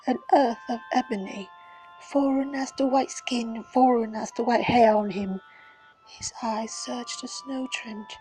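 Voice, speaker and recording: Woman, whispered storytelling, slow, mellow. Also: a little high, rough recording. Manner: breathy whispering, dramatic. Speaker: reader.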